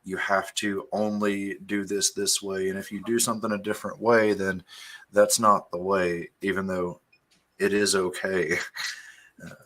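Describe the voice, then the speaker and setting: A man co-hosts a podcast, speaking in loose sentences that trail off. His voice sits very low and barely rises or falls, yet it has a bright, clear edge. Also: flat delivery, measured pace, poor audio. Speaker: podcast co-host. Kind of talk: casual chat.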